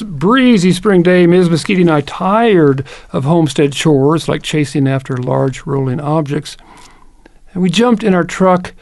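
A man's voice: on the high side, darkish tone, no room sound. A man hosting a show, telling a rambling, playful story in a folksy way and stretching out words he enjoys. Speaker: host.

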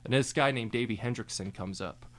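A man's voice: medium pitch, brisk. A young man playing music live on the radio, chatting loosely and joking between songs and often laughing. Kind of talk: casual on-air chat between songs.

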